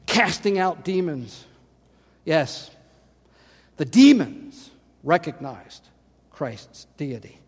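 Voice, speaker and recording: A man preaching a sermon, dramatic, rising to loud emphatic lines when he quotes scripture. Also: a little high. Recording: long hall reverb.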